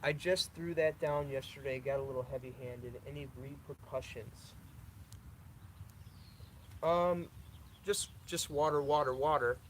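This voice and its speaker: A young man hosts a live question-and-answer stream, reading viewer questions aloud and answering them. He talks casually and repeats himself, tripping over words now and then. His voice sits at an ordinary pitch, with a faint hum of noise in the background. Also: measured pace, pauses often, poor audio. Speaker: lawn care channel host.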